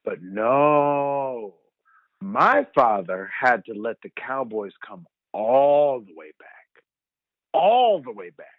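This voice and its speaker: A young man telling rambling, animated stories as a guest over the phone, laughing often. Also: medium pitch, slow, no room sound. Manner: animated, rambling storyteller who laughs a lot. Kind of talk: phone interview storytelling. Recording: tinny dry phone line.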